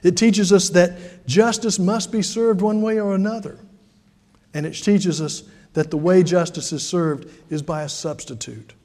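High-voiced preacher in a reverberant hall. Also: male voice, steady tone, measured pace, a little mellow. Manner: storytelling, conversational with dramatic swings in volume. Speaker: pastor. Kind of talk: sermon.

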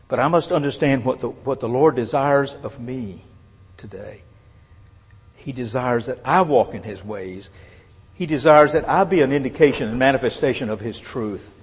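A man preaching a sermon, earnest and measured, letting his phrases fall away softly at the end. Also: medium pitch, slightly rough. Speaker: pastor. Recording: long reverb of a large hall.

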